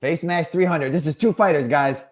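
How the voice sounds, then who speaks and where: A man's voice: fairly high pitch, normal speed. A man hosting a comedic quiz game, laughing often and hyping up the contestants. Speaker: quiz show host.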